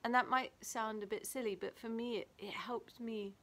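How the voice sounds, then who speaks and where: A woman from England giving a gentle, reflective daily devotional, reading a passage and a prayer and adding her own thoughts. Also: a little high, steady tone, normal speed. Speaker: church devotional leader. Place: small garden playhouse. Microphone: camera video.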